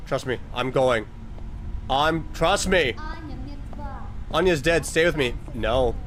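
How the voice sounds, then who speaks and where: A man's voice: mid-range voice, expressive, slow pace, long pauses, noisy background. A man playing a horror video game and commenting as he goes, talking to the characters and yelping when startled. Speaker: let's-play host.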